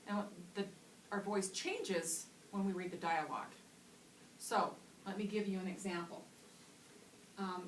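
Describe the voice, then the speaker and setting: Woman teacher in an echoey classroom. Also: medium pitch. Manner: patient, explanatory, models voices for children. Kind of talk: classroom reading lesson. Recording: echoey classroom from far off with loud noise.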